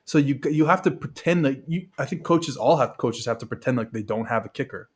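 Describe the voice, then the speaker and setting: A man's voice: mid-range voice, fairly quick, breathy edge. A man from Montreal, a guest on a podcast, talking earnestly and rambling, with lots of "like" and "you know". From Montreal, Canada. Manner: rambling, filler-heavy, earnest. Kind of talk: casual podcast chat.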